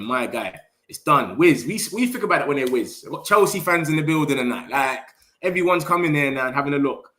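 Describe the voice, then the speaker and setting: A young man hosting a casual live stream, chatting excitedly and in slang straight to his viewers. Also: medium pitch. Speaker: football livestream host.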